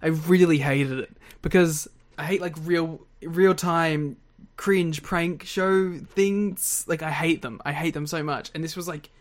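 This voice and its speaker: A man's voice: on the high side, steady tone, a little slow. A man co-hosting a casual podcast, reacting with exasperation and frequent laughs. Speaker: podcast co-host. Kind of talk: casual wrestling podcast chat.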